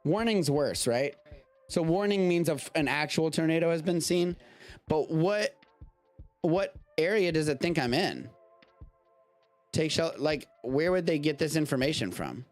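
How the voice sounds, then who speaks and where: A man's voice: fairly high pitch, lively intonation, measured pace, faint music behind. A man hosting a live-streamed show from home, chatting casually about the news in a rambling, self-interrupting way with casual swearing.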